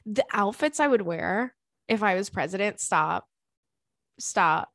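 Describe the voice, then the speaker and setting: Young woman podcast host, stuffed-up nose, bubbly and slangy, medium pitch, dry close sound. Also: animated, takes it slowly, creaky, a bit bright, dry recording. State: congested. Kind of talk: casual podcast chat.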